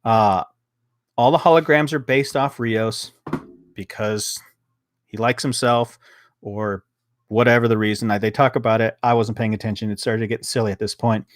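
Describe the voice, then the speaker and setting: A man's voice: lowish voice, steady tone, moderate pace, dry recording. A man hosting a casual podcast review of a TV episode, rambling along with lots of fillers, restarts and swearing.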